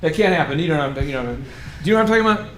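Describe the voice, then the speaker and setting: A man with a high voice leads a coaching session for business owners. He talks in an animated, joking way and keeps checking whether the room follows him. Faint background noise sits under his voice. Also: rapid-fire. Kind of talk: coaching workshop talk.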